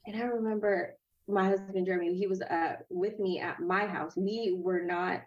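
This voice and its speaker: A woman in her thirties, a podcast guest, telling a personal story in a casual, animated way, acting out quoted voices and laughing often. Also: medium pitch, moderate pace, dull audio.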